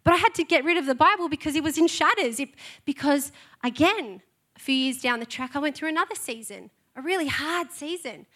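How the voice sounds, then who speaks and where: A woman's voice: sits high, lively intonation, brisk, fairly bright tone. A woman pastor gives an earnest, heartfelt testimony sermon from a church stage.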